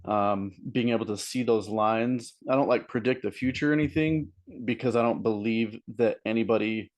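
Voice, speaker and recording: A young man talking casually as a guest teacher, meandering with many "likes" and "ums". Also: lowish voice. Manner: meandering and hesitant, full of "like" and "um". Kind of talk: casual explanatory talk.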